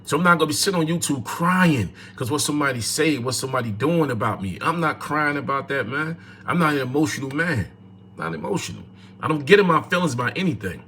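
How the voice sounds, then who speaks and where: A man's voice: on the high side, expressive, fast, pushed and bright, a little hiss or hum. A man hosting a casual livestream talk in an emphatic, repetitive, preachy manner. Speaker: livestream host.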